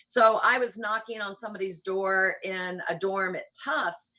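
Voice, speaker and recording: A woman around sixty from rural Kentucky with a faint Southern accent, telling stories as a guest in an interview, shifting between quick runs and slow, deliberate phrases. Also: mid-range voice, bright, forceful tone, poor audio. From rural Kentucky, USA. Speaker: guest, church planter. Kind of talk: conversational interview storytelling.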